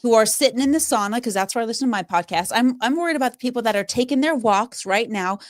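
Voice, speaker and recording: A woman who works as a public speaker and trainer, telling stories in an emphatic, animated way during a podcast interview. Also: a little high, quick pace, dry recording.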